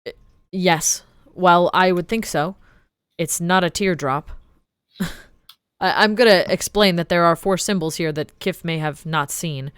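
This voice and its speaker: A woman's voice: on the low side, unhurried, clean tone, no room sound. A woman playing a tabletop game, chatting casually and directing the party's moves. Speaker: player.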